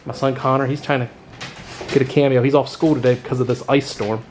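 A man hosting a casual vlog at home, relaxed and chatty, laughing often and calling people "man". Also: medium pitch, fast talker, slight background noise. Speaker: record store owner and vlog host. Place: home kitchen, indoors.

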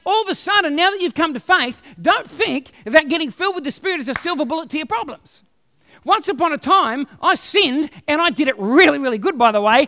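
A male pastor preaching a sermon in a chatty, animated, storytelling way. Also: very high-pitched, in a large hall.

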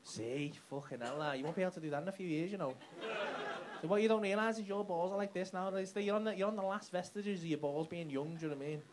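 A man's voice: high voice, quick pace. A man doing brash, sweary stand-up crowd work in a comedy club. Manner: brash, sweary banter with the audience. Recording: live club with loud crowd laughter.

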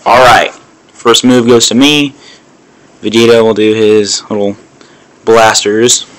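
A man's voice: fairly low pitch, level tone, takes it slowly, fairly bright tone. A man crudely commenting to himself, with plenty of swearing, while playing a mobile game. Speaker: gamer.

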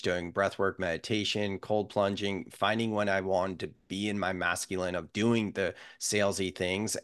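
A man's voice: sits low, a bit bright, no room sound, clean studio sound. A man hosting a podcast, asking questions in an earnest, reflective way as he thinks aloud. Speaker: podcast host. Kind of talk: casual interview conversation.

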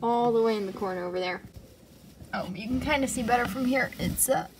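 Speaking briskly in a fairly high voice, a woman runs a casual vlog about her pet rats at home, and a faint hiss or hum runs under it. She's the channel host and their owner, joking with them, laughing a lot and lovingly telling them off.

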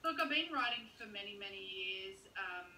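A woman's voice: medium pitch, animated, normal speed, sharp tone, slight background noise. A woman, a copywriter guest, talking expressively in a casual interview. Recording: echoey, distant from the mic.

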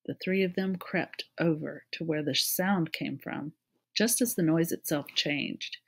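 A woman reading a children's novel aloud, narrating in a clear, steady storytelling manner. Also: low-pitched, measured pace. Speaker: reader.

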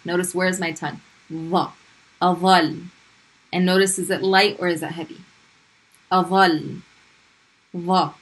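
Slow, patient woman teaching Arabic sounds. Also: on the low side, flat delivery, low-quality recording. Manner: patient, repeats sounds slowly for drilling. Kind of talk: recorded video lesson.

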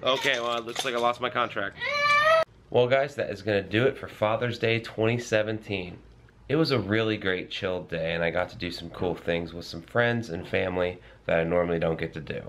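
A man's voice: lowish voice, brisk, background noise. A man in his thirties, a father talking casually to his vlog camera with joking, self-mocking asides. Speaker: vlogger and father. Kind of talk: casual family vlog narration. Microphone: handheld camera mic.

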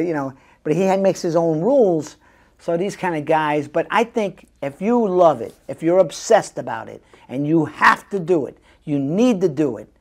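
An older man, an actor, chatting as an interview guest and telling lively stories. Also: on the high side, vocal fry. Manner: animated storyteller who acts out quoted voices. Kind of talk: casual interview chat.

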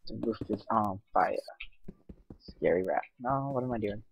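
A let's play host comments casually on his own gameplay, rambling and poking fun at himself as he goes. His voice is lowish, animated, and at normal speed, recorded through a dull lo-fi mic with faint hiss.

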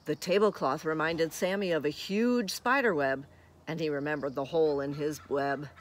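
A woman's voice: deep voice, moderate pace. A woman reading a children's picture book aloud, friendly and speaking directly to young listeners. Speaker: storybook reader.

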